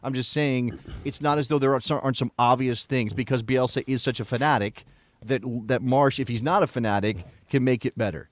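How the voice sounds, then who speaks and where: A man co-hosting a soccer podcast, talking through a casual sports debate in an animated way, with frequent restarts and sudden jumps in pitch. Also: brisk, no room sound. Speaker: podcast co-host.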